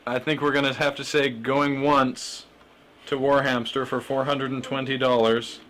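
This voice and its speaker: A man's voice: medium pitch, flat delivery, normal speed, fairly bright tone, a little hiss or hum. A man hosting a live charity stream auction, calling out bids and joking with co-hosts. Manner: calls out bids, laughing.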